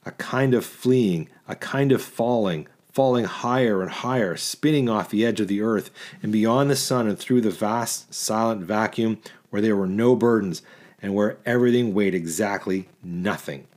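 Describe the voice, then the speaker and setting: A man narrating a literary short story in a measured, rhythmic reading. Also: lowish voice, darkish tone. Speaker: audiobook narrator.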